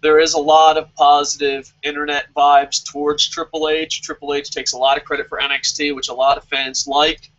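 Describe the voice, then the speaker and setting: A man hosting a wrestling question-and-answer vlog, talking in an animated, sarcastic way and swearing freely. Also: fairly high pitch, moderate pace, hardly any pauses, muffled recording. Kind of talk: casual opinionated commentary.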